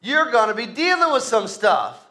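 A man's voice: very high voice, very animated, moderate pace, bright, forceful tone. A male pastor preaching a sermon, with emphatic repetition and call-and-response to the congregation.

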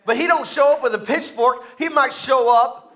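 A man's voice: very high voice, normal speed, sharp tone. A male pastor preaching a sermon, with emphatic repetition and call-and-response to the congregation.

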